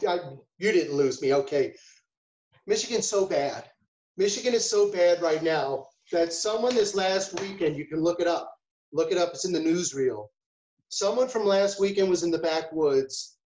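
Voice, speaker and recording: A man's voice: a little high, darkish tone, roomy sound, poor audio. A man, a food safety chef, giving a casual webinar talk, chatty and full of rhetorical questions and storytelling asides.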